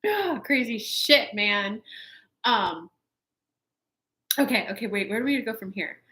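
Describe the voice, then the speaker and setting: A woman in her thirties hosting a casual live chat for her viewers, telling stories in an animated way with swearing and laughter. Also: on the high side, a little slow, slight background noise. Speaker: spiritual coach and channel host. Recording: echoey room.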